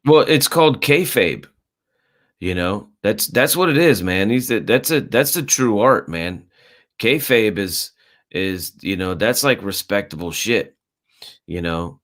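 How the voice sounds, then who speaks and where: A man's voice: fairly low pitch, animated, a little slow, a bit bright. A man co-hosting a casual fight talk show, rambling with many fillers and a lot of swearing. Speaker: podcast co-host. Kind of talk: casual chat.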